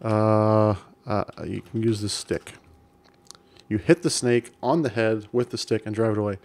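Slow-talking man streaming a retro game. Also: on the low side, steady tone, a little mellow. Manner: amused, reads game text aloud, chuckles often. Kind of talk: casual gameplay commentary.

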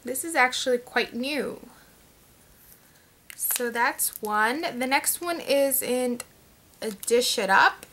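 A woman's voice: sits high, slow pace, pauses often, pushed and bright, slight background noise. A young woman chatting at home as a beauty vlogger, showing off her products in a rambling way full of fillers. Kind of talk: casual chat, showing products.

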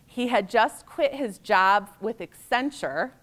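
A woman's voice: a little high, expressive, slow, a bit bright. A middle-aged American woman giving a conference keynote, telling personal stories in a conversational way and acting out the voices in them. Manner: anecdotal, conversational, acts out quoted voices. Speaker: keynote speaker.

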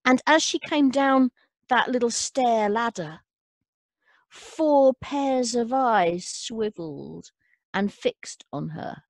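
A woman storyteller telling a folk tale in a slow, dramatic way with pauses. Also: on the high side, lively intonation, dry recording.

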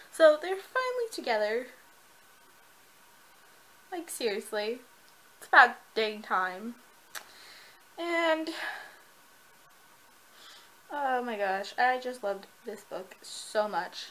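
A woman reviewing a book in a casual vlog, gushing and excitable, with lots of fillers. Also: fairly high pitch, slow pace, long pauses, low-quality recording.

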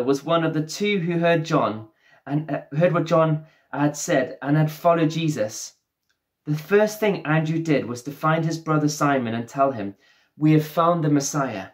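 Storytelling preacher with a slightly high voice. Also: male voice. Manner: storytelling, acts out the characters' lines. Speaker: pastor. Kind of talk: sermon. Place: church, streamed online service.

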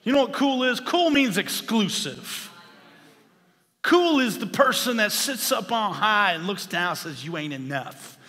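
Fired-up male preacher, bright tense tone, long reverb of a church hall. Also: sits high, big pitch swings, a little slow. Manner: impassioned, rising to shouts. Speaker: pastor. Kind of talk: sermon.

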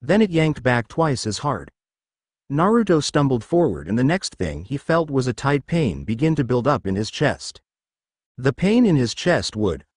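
A man narrating a fan fiction story in an expressive storytelling manner. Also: medium pitch, dry recording, clean studio sound.

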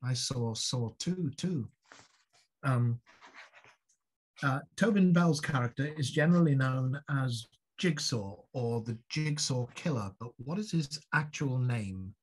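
Guy co-hosting a podcast, kinda raspy, lots of ums while he thinks. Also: medium pitch, slow pace, rough recording. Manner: hesitant, with many ums and restarts. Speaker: podcast co-host and trivia player. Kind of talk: casual podcast chat.

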